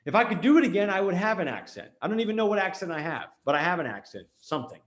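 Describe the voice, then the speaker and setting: A man's voice: high voice, sing-song, rapid-fire, fairly bright tone, echoey room. An American man hosting a show, giving a blunt, emphatic motivational talk on business and repeating points for emphasis. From United States. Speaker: host.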